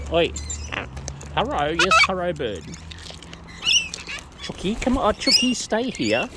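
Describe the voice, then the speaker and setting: A woman chats to wild birds in a playful, cooing baby-talk voice as she feeds them outdoors. Her pitch swoops up and down a lot and she talks slowly. The recording is noisy with birds all around. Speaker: bird feeder filming wild birds.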